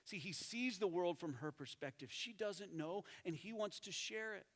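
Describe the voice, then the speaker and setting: A man preaching a sermon as lead pastor, animated, with emphatic repetition and quieter, intense passages. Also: high voice, normal speed. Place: church sanctuary. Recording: church hall with long reverb.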